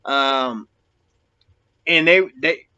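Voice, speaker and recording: Ex-con storyteller, male, profane and rambling, streetwise slang, punchy tone, muffled low-fi audio. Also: very slow, bright, forceful tone, smooth. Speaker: former prisoner telling his story. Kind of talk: casual storytelling monologue.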